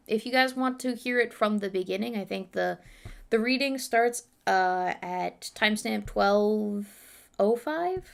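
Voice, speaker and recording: A woman's voice: mid-range voice, gravelly. A woman streaming a reading of her own novel, chatting casually with viewers and talking herself through the pages. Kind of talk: livestream chat and book reading.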